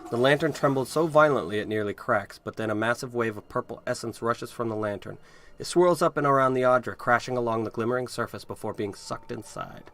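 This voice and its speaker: A man's voice: medium pitch, brisk, a bit bright. A man hosting a let's play, reading game text aloud with casual, wry asides. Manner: casual, wry asides between read passages.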